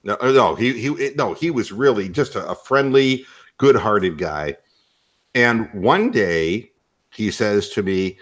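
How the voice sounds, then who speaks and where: A man's voice: lowish voice, unhurried. A male radio host in comic chat, telling stories and laughing often. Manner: animated storyteller, laughs often.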